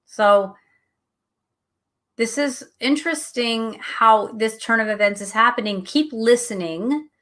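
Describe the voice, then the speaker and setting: A middle-aged woman hosting a show, teaching a Bible study in a conversational, animated way and laughing at herself now and then. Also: fairly high pitch, takes it slowly. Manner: animated, chatty, acts out quotes, laughs at herself.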